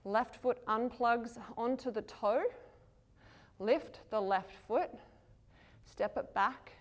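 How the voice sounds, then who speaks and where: A woman teaching a yoga class, calmly cueing poses and breaths while moving, breathing heavily herself. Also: fairly high pitch, takes it slowly. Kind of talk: guiding a yoga flow.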